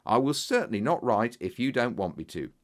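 A man's voice: mid-range voice, sing-song, a little fast, lightly acted. A man voicing an earnest, modest young clerk in an audiobook. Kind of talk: audiobook character voice.

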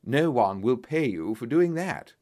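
A man's voice: medium pitch, animated, measured pace, a little mellow, close to an everyday voice. Man reading as a firm, commanding Holmes. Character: firm, sharp-minded male detective. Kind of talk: storybook reading.

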